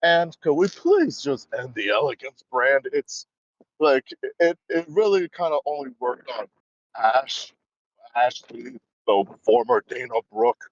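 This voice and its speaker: A man's voice: medium pitch, animated, a little slow, dry recording. A man co-hosting a podcast in casual chat, matter-of-fact with a few stumbles. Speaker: podcast co-host. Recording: dull, dry lo-fi mic.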